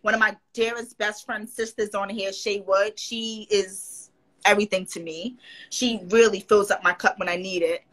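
Bright-voiced woman telling lively stories. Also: mid-range voice, normal speed, poor audio. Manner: animated, quotes others in put-on voices. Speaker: guest. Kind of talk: casual interview storytelling.

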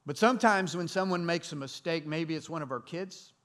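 High-voiced man preaching a sermon. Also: brisk, fairly bright tone. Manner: conversational preaching with rhetorical questions to the congregation. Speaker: pastor. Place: church hall before a congregation.

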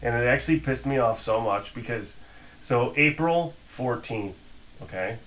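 A man's voice: medium pitch, unhurried, a little hiss or hum, rough recording. A man co-hosting a casual podcast, telling a long story in a profane, exasperated way and acting out the people in it. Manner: animated retelling with quoted voices. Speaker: podcast co-host.

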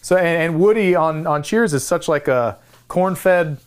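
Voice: mid-range voice, unhurried, clear, resonant tone. A podcast co-host giving emphatic opinions in a casual film discussion. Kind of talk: casual movie-discussion chat.

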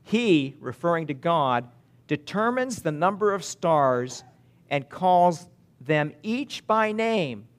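Male pastor, fairly high voice, sermon delivery, reads verses slowly, punches key words then drops to a near hush. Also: big pitch swings. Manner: emphatic, with sudden swings between loud and hushed delivery; reads scripture slowly and deliberately.

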